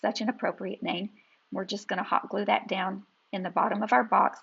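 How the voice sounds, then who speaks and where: A woman's voice: mid-range voice, steady tone, a little fast, vocal fry, fairly bright tone, breathy edge, muffled recording. A woman hosting a crafting channel, talking casually and homily while she works through a DIY project. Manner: chatty, homey, talks while working. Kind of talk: casual craft tutorial voice-over.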